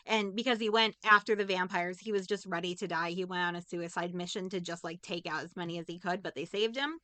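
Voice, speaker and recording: A woman's voice: lowish voice, steady tone, fairly quick, few pauses, a bit bright, clear, resonant tone, no echo. A woman co-hosting a casual movie review podcast, giving an emotional, rambling recap of a film and swearing often. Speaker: podcast co-host.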